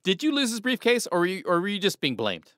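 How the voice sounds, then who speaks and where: A man's voice: high voice, huge pitch swings, fast talker, a bit bright, dry recording, clean studio sound. A man hosting a casual interview, asking playful, curious questions and laughing easily. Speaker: podcast host.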